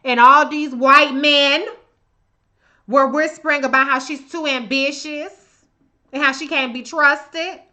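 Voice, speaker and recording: A woman hosting a live political commentary stream speaks slowly in a high, fairly even voice that is bright and forceful. She greets viewers by name, then launches into a fiery, contemptuous rant heavy with profanity.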